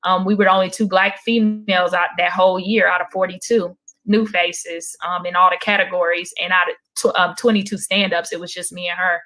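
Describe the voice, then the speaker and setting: A woman stand-up comedian telling stories in a casual, animated interview, with frequent fillers and repeats. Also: lowish voice, fairly quick. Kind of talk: casual storytelling in a talk show interview.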